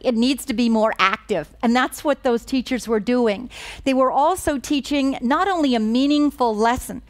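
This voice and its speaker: A woman giving a lecture on moral education, telling stories in an earnest, emphatic way. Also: fairly high pitch. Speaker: guest speaker on moral education. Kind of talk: lecture with storytelling.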